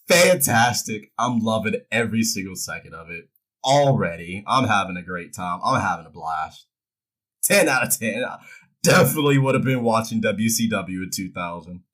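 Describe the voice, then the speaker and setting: A man's voice: lowish voice, a bit bright, poor audio. Guy recapping wrestling, joking around and cursing, casual vlog talk. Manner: irreverent, joking, swears freely. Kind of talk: casual show recap with acted quotes.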